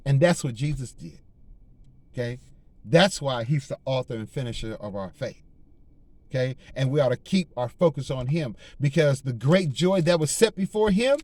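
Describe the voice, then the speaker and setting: A man's voice: mid-range voice, lively intonation, moderate pace, a little mellow, no room sound. A man preaching informally and fervently, slangy and full of repeated phrases and restarts.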